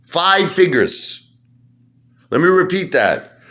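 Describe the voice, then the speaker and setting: Brief: excitable male vlogger, rants and mocks, voice jumps up and down a lot. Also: sits high, a little slow, pauses often. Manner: excitable, mocking, swings between loud and muttering. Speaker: stock-market video host. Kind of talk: animated ranting monologue.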